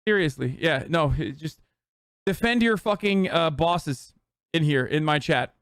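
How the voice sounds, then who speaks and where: Swearing streamer guy ranting at chat, kinda high voice, dead dry sound. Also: expressive, a little slow, a bit bright, clean tone, no echo. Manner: profane, ranting, mocking. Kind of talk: casual live-stream commentary.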